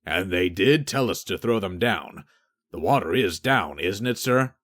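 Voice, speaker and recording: Reading an audiobook, a man voices a dim, literal-minded male sergeant. He uses a low, soft, deadpan voice that's a little slow and exaggerated.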